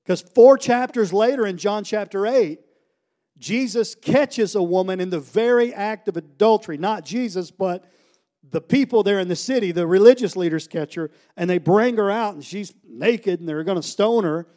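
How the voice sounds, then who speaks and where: Man preaching with hushed-to-loud swings. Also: high voice, moderate pace. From United States. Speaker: pastor. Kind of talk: sermon.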